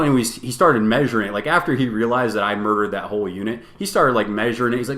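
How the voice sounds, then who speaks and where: A man co-hosting a podcast, telling a tabletop tournament story in a casual, animated and profane way, acting out both sides of the argument. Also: mid-range voice, fast. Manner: animated, profane storytelling with quoted back-and-forth. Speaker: podcast co-host. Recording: roomy echo.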